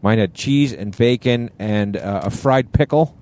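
A man's voice: fairly low pitch, a little slow, a little mellow. Rambling man chatting in a car. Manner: rambling, self-interrupting. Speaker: podcast co-host. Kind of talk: casual chat. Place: car on a road trip.

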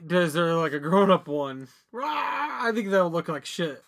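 A man co-hosting a podcast in casual chat, rambling and halting with many restarts. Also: fairly high pitch, sing-song, gravelly, a bit bright. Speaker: podcast co-host.

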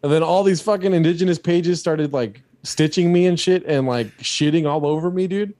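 A man's voice: on the high side, moderate pace, dark tone, no echo. Profane, ranting podcast host man. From California. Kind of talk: casual podcast chat.

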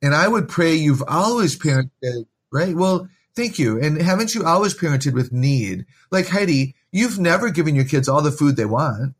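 A man's voice: on the high side, animated, moderate pace, few pauses, slightly rough. A man speaking as a guest author in a podcast interview, giving earnest, encouraging parenting advice in a preacherly way.

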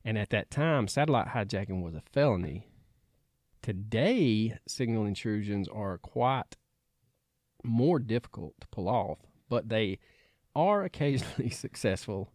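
A man's voice: mid-range voice, very animated, measured pace, darkish tone, no echo. A man co-hosting a podcast, reading out facts in casual chat and slipping in dry wisecracks. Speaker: podcast co-host.

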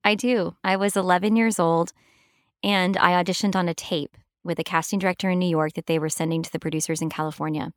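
A middle-aged actress talking in a relaxed, enthusiastic interview, laughing often. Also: female voice, fairly low pitch, fast, smooth, dry recording, clean studio sound. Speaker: actress guest. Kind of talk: casual interview chat.

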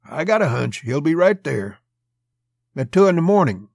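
A man voicing a graying officer in a western audiobook, slow and emphatic. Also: on the high side, sing-song, creaky, a little mellow, no echo, clean studio sound, pitched above the performer's own voice, full character voice. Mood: gruff. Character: graying lawman, gruff and hunch-driven.

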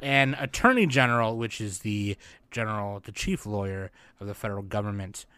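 A man's voice: on the low side, fairly quick, pushed and bright, smooth, dry recording. A young man co-hosting a podcast, chatting in a loose, rambling and profane way. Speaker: podcast co-host. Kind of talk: casual chat.

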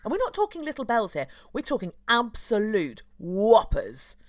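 A woman from London, a tour guide hosting a casual chat, playful and quick to laugh. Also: a little high, huge pitch swings, no echo, studio quality. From London, England. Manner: chatty, playful, laughs often.

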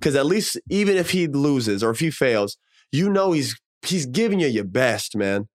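A man, a former professional basketball player, co-hosting a casual sports podcast, talking in an animated, emphatic way with slang and casual swearing. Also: mid-range voice, normal speed, no room sound, clean studio sound.

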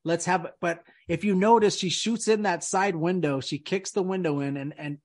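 A man's voice: high voice, steady tone, normal speed, a little mellow. A man hosting a casual podcast, rambling and emphatic, peppering his talk with dude and man. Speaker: podcast host. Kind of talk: casual conspiracy podcast chat.

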